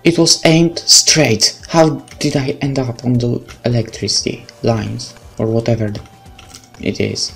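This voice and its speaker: A Polish-accented man making gaming videos speaks in a steady, creaky, medium-pitched voice, a little slowly, as faint game music plays behind. His frustrated gameplay commentary is full of swearing and sarcastic, angry outbursts.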